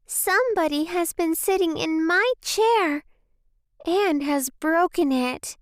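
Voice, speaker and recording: A woman voicing a little boy bear cub in a storybook reading, with a small, squeaky baby voice. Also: slow pace, no echo, studio quality. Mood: upset.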